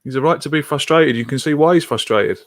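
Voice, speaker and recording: Exasperated football fan host. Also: male voice, on the high side, quick pace. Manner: exasperated, reads viewer comments aloud. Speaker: podcast host streaming a match watch-along. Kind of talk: live casual match reaction.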